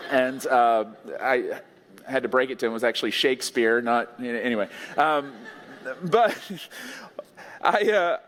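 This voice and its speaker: A man's voice: medium pitch, unhurried, fairly bright tone. A male pastor giving an earnest, conversational sermon with playful asides. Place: large church sanctuary. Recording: long church hall reverb.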